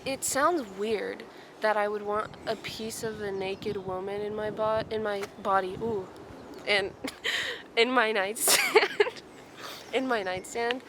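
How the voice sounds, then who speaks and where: A young woman chats into the camera in a soft, reflective, rambling way, often trailing off and correcting herself. She records outdoors in a forest. Clear forest ambience sits audibly behind her voice. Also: mid-range voice, a little hiss or hum, poor audio. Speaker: vlogger. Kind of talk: casual vlog chat.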